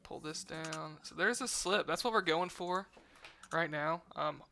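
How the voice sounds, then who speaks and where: A man with a fairly high, gravelly voice and a very sharp, tense edge. He chats with viewers and reads stats aloud on a sports betting stream. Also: unhurried, slight background noise. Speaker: sports betting show co-host. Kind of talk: casual sports betting chat.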